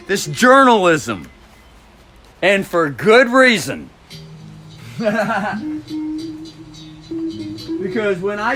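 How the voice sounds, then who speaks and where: A man's voice: very high voice, pushed and bright. A man in his fifties, a navy veteran, talking to camera in a rambling monologue, musing, repeating his phrases and chuckling to himself.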